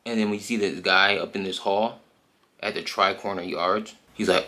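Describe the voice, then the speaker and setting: A man casually retelling a comic book in slangy, animated speech full of fillers. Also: low voice, normal speed.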